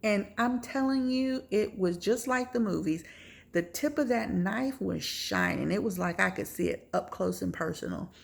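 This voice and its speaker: A woman's voice: mid-range voice, animated, normal speed, gravelly. A woman vlogger telling a personal testimony story, acting out her reactions with gasps.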